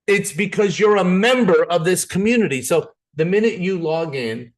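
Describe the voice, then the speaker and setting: A man giving an energetic, persuasive sales presentation, often repeating words as he pushes ahead. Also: high voice, moderate pace.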